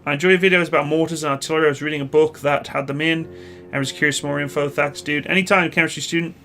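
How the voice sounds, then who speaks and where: A Canadian man, likely in his thirties, hosting a live stream, reading viewer questions and answering in a relaxed, rambling way with many pauses. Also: on the high side, soft background music. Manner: relaxed, chatty, hesitant with many uhs.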